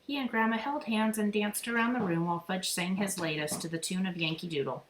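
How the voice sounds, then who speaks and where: A woman reading a children's chapter book aloud in a steady, clear storytelling manner. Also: mid-range voice, fairly quick. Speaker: reader. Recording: echoey room, faint noise.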